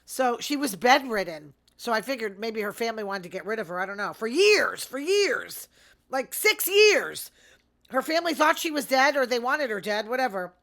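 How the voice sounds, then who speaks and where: Fast-talking sarcastic woman host. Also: on the high side, expressive, fairly bright tone. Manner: chatty, rambling, sarcastic asides; fast talker. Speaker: podcast host. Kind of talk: casual solo commentary.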